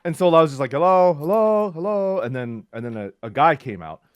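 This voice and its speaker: A middle-aged male streamer with a mid-range, expressive voice talks fast, casually telling stories about camping and cycling in loose, restarting sentences full of "like." The recording is dry and muffled, with faint music underneath.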